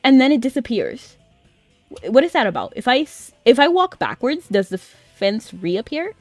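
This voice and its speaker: A woman's voice: fairly high pitch, big pitch swings, normal speed, dry recording, faint music behind. A young adult woman chatting casually on a gaming stream, rambling along with lots of "like". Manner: chatty and rambling, with frequent filler "like". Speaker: VTuber streamer.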